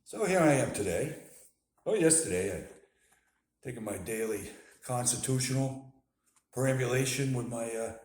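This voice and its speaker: A low-voiced man talks through a casual video diary, rambling with fillers and self-corrections. He is self-deprecating and chuckles at his own stories. The sound has a roomy echo. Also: a little mellow. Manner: self-deprecating, laughs at himself. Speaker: vlogger sharing his life with bipolar disorder.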